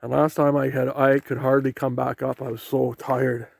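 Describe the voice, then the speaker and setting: In a casual walking vlog, a Canadian man descends a rainy forest trail toward the ocean, talking to the camera and rambling about the view. He speaks at a normal speed in a level, mid-range voice with vocal fry; the recording is dry, with faint rain, waves, and outdoor noise.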